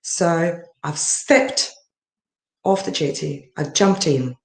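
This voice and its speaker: Woman, lowish voice, earnest storyteller, roomy echo. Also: takes it slowly, creaky. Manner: earnest storytelling with many fillers and restarts. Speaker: summit speaker. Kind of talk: personal story talk. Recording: echoey room.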